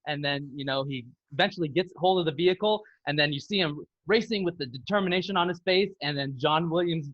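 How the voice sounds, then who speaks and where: Man, mid pitch, eager scene recaps, dull dry lo-fi sound. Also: quick pace, no room sound. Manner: excited retelling of scenes, acting out lines. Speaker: podcast co-host. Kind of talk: casual film discussion.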